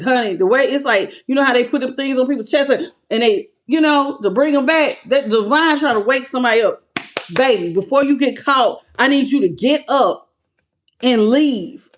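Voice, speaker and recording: A woman giving a live tarot reading, talking bluntly and sassily and calling her viewers baby and honey. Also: fairly high pitch. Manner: greets live chat viewers by name. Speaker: tarot reader.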